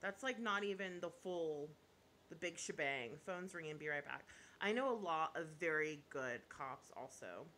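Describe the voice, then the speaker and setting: A woman chatting live with her viewers, her pitch swinging widely and her tone bright and forceful. She speaks bluntly and opinionated, laughs often, and apologizes half-jokingly when she thinks she's gone too far. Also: animated, moderate pace, slight background noise. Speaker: YouTuber. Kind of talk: casual live chat reading viewer comments.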